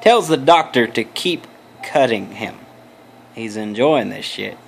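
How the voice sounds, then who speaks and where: A man's voice: mid-range voice, lively intonation, unhurried, vocal fry, a little hiss or hum. A young adult man vlogging, telling a story in a loose, rambling way with crude, profane jokes and asides. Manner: loose, meandering, many restarts.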